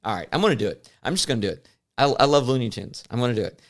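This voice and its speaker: Animated and racing, this medium-pitched voice belongs to a podcast co-host in his forties. In casual chat he rambles, breaks off mid-sentence, and laughs readily.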